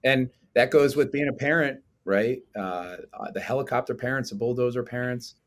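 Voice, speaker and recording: A man in his forties, a coach and lecturer, talking in a casual interview with an animated manner and frequent tag questions. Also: medium pitch, normal speed. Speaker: strength coach and lecturer, podcast guest.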